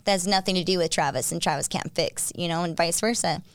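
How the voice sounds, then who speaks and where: A young woman in casual conversation, telling her recovery story in an animated way and acting out quoted lines. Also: fairly low pitch, fast talker. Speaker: guest sharing recovery story.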